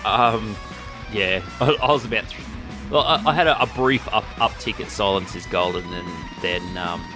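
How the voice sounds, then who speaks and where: A man's voice: fairly low pitch, moderate pace. A man co-hosting a casual music podcast, talking hesitantly and often trailing off. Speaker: podcast co-host. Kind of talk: casual chat.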